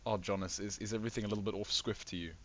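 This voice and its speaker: A man's voice: lowish voice, fairly even intonation, very fast, muffled recording, a little hiss or hum. A man running a sci-fi tabletop game as game master over voice chat, often laughing and stumbling over repeated words.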